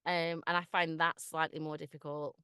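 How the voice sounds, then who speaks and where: A Mancunian woman with a slightly low voice chats on a podcast, laughing often and swearing casually. The sound is dry and close. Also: flat delivery, normal speed, bright, forceful tone, clear, resonant tone, dry recording. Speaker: voice actor guest.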